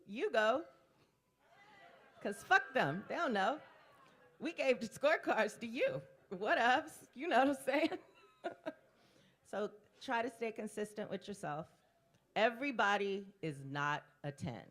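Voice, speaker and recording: A woman emceeing a poetry slam on stage at a bar, her voice leaping up and down as she ribs the audience. Her banter is brash, teasing and profane, all playful crowd work. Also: medium pitch. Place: live poetry venue in a bar.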